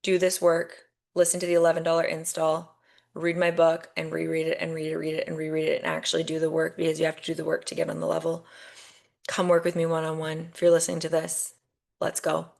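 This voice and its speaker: Low gravelly-voiced woman, emphatic. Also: monotone, fast talker, darkish tone. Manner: emphatic, swears freely, repeats phrases for punch. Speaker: podcast host. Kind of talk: motivational monologue.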